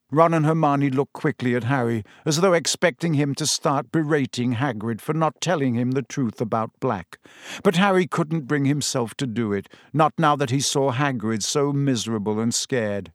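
A man narrating a story in a measured, even reading style. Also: mid-range voice, no room sound, studio quality. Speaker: audiobook narrator.

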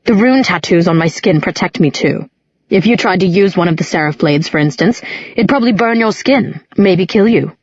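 A woman's voice: fairly low pitch, animated, normal speed, darkish tone, no echo, highs cut off. A woman voicing an arrogant teenage boy warrior who talks in a haughty, curt, disdainful way.

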